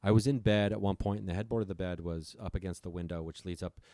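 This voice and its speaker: Deep-voiced guy swearing his way through a story on a podcast, dry close mic. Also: steady tone, fast, warm tone, no room sound. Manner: profane, breathless retelling. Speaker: podcast guest.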